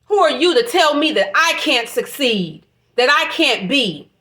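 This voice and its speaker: A woman's voice: sits high, lively intonation, measured pace, pushed and bright. A woman giving an emotional, preachy spiritual monologue, swearing freely as she talks. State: emotional, voice catching. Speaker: vlogger.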